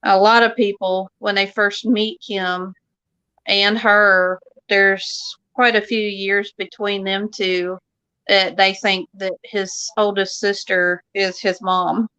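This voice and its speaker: A woman's voice: mid-range voice, level tone, slow pace, sharp tone, clear, resonant tone, dry recording, lo-fi sound. A woman from the Missouri Ozarks with a Southern accent, chatting folksily as a guest on a live show. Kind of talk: casual chat.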